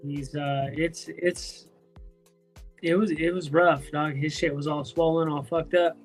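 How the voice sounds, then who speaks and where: Stoned male streamer at home, higher-pitched, loose profane slang, faint music underneath. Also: fairly even intonation, unhurried. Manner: loose, rambling, profane slang with many restarts. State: high from smoking weed. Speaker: streamer talking to chat. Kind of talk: casual live-stream chat. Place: at home, indoors.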